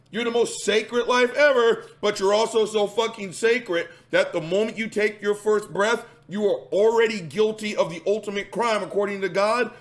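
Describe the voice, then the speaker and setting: A man hosting a reaction commentary, ranting combatively and sarcastically with lots of swearing. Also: sits high. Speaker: commentary host.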